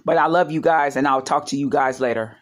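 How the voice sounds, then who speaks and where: A woman's voice: a bass voice, brisk. A woman vlogger telling family stories in a rambling, casual way, with many fillers and side remarks. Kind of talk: casual storytelling vlog.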